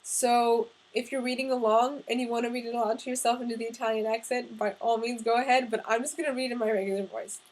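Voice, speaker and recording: A woman narrating a first-person novel in an expressive audiobook reading. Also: on the high side, fast talker, few pauses, low-quality recording.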